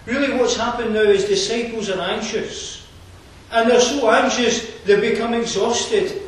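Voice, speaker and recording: A man's voice: very high voice, steady tone, unhurried. A man from Scotland, preaching a sermon in an earnest, conversational way with asides and fillers. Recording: roomy distant hall mic.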